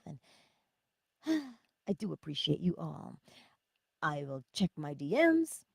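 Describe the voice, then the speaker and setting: A woman hosting a livestream in a chatty, playful valley-girl manner, her low-set voice swinging widely in pitch. She talks slowly and laughs between greetings to her viewers. The sound is close and dry. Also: dry recording. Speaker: livestream host. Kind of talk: casual livestream sign-off.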